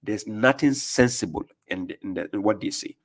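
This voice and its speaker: A man's voice: lowish voice, expressive, normal speed, crowd noise. Scornful, confrontational male preacher. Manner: mocking, confrontational rhetorical questions; laughs in scorn. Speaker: online preacher and commentator. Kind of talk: combative commentary on video clips.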